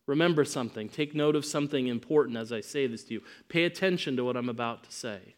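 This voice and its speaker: A male preacher delivering a sermon in an emphatic style. His mid-range voice swings from ringing proclamation down to hushed asides. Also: medium pitch, a little fast.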